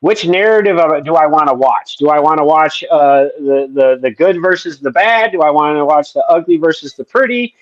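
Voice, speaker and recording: A man's voice: fairly high pitch, a little fast, few pauses, dull audio. A man in a political debate, sarcastic and cynical, often stammering on his first words. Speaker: podcast co-host.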